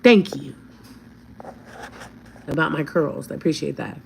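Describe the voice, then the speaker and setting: A woman's voice: deep voice, unhurried, vocal fry, slight background noise. Blunt, profane woman ranting to viewers. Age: 50s. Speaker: vlogger. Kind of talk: storytime rant to viewers.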